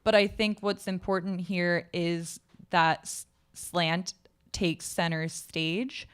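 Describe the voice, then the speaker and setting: A woman's voice: on the low side, little pitch movement, slow pace, smooth. A woman in a poetry seminar, thinking aloud in long, reflective sentences. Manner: thoughtful, reflective, speaks in long clauses. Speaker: seminar participant. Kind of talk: casual seminar discussion.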